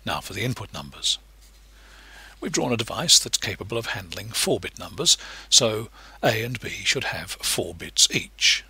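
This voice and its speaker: A man's voice: moderate pace, vocal fry, slightly rough, no room sound. A man giving a recorded lecture, explaining patiently step by step. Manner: patient, explanatory, lively pitch shifts.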